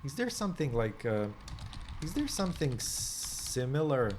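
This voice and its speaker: A man in a casual coding vlog, thinking aloud in a halting way, full of restarts and questions to himself, and reading documentation aloud in quick bursts. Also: medium pitch, lively intonation, darkish tone, a little hiss or hum. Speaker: programmer vlogger.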